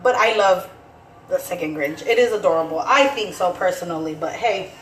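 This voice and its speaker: A woman in her thirties, a mother vlogging at home in a casual, animated chat, slipping in Spanish phrases now and then. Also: fairly low pitch, moderate pace, roomy sound, slight background noise, poor audio.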